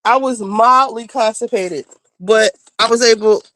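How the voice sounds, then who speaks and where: A woman's voice: fairly high pitch, unhurried, a bit bright, dry recording. A woman panelist in casual chat, talking bluntly and rambling with plenty of swearing. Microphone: video call.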